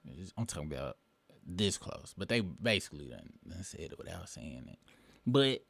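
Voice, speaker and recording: A man's voice: sits low, big pitch swings, normal speed, creaky, fairly bright tone, no echo. A man in his late thirties hosting his own show, delivering a rambling, profane commentary monologue with emphatic bursts. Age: late 30s. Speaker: show host.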